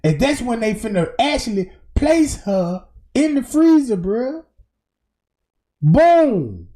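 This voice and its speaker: Slow emphatic man narrating footage. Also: very high-pitched, big pitch swings, mellow. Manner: emphatic, slangy, pointing things out. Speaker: commentator walking through footage. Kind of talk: casual commentary over video.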